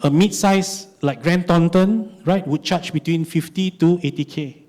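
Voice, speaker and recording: A man in his forties with a Malaysian English accent speaks at a finance summit. His voice sits on the higher side, and he tells his stories in an animated way, tossing rhetorical questions at the audience. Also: measured pace. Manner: animated storytelling, lots of rhetorical "right?". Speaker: conference speaker. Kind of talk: conference keynote talk.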